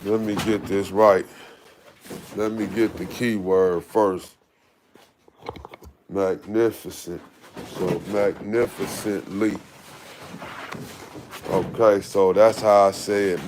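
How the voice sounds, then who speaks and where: A man's voice: low voice, steady tone, darkish tone, slight background noise. A man who breeds dogs, talking casually and unhurriedly on a livestream while he is outdoors with his dogs. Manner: laid-back, unhurried street talk. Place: outdoors at his dog kennels.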